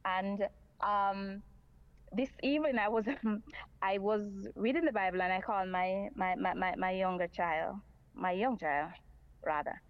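A woman's voice: mid-range voice, a little slow, clean tone, muffled recording. A woman calling in to talk radio, earnestly repeating her points.

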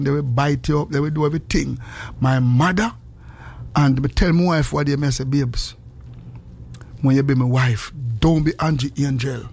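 A man with a Jamaican accent hosting morning radio, telling animated stories in patois. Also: a little high, vocal fry. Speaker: radio host.

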